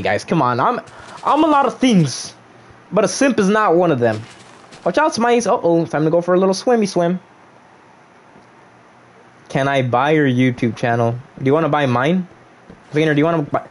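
A man's voice: a little high, animated, brisk. A young man casually chatting on a gaming livestream, reading viewers' chat aloud and joking back at them.

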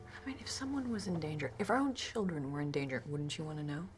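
A woman's voice: low-pitched, big pitch swings, fast, soft background music. An actress playing an anxious mother in a film drama who distrusts her adopted daughter, speaking tensely and urgently. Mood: worried.

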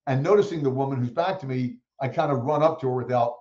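A man telling stories as a guest in an interview, acting out the people he quotes with lively energy. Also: mid-range voice, fast talker, roomy sound, lo-fi sound. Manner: animated storyteller who acts out quoted voices. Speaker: guest speaker. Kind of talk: storytelling in a podcast interview.

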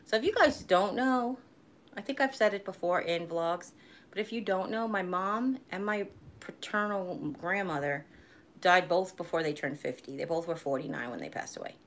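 Chatty low-voiced woman in her forties. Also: moderate pace. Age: 40s. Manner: chatty and rambling, laughs easily. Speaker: vlogger hosting a live stream. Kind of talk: casual live-stream chat.

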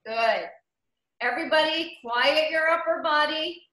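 A woman's voice: high-pitched, a little slow, bright, forceful tone, roomy sound, poor audio. A woman coaching an online group cycling class over a video call, upbeat and encouraging, calling riders by name and counting down the seconds. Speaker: cycling instructor.

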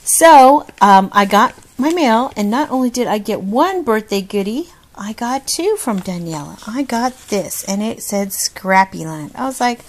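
A woman's voice: medium pitch, lively intonation, a little slow, few pauses. Bubbly, gushing woman vlogger. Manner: bubbly, gushing, laughs often. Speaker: craft vlogger. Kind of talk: casual chat.

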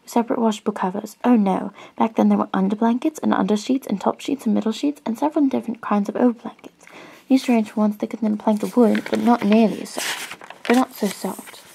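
A woman gently reading a storybook aloud in a soft-spoken ASMR style, dropping into whispers at times. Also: a little high, fairly even intonation, fast, creaky, husky, rough recording. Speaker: ASMR reader.

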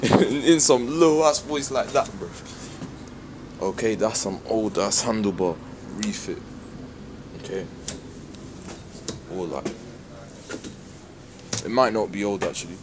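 A young man, vlogging casually while bus spotting, slangy and excitable, swearing freely. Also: fairly low pitch, slow pace, long pauses. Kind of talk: casual street vlog. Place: outdoors by a busy road. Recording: street traffic noise.

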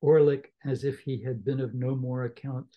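A man's voice: medium pitch, normal speed, highs cut off. Man reading a novel aloud. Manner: enthusiastic, expressive reader. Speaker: book club member. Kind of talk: book discussion and reading aloud.

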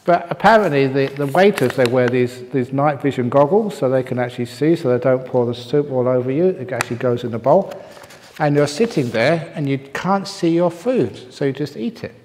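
A man's voice: mid-range voice, lively intonation, normal speed, darkish tone, slight background noise. A man who is a Buddhist monk and teacher, answering retreat questions with humorous stories and reading each question aloud. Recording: long reverb of a meditation hall.

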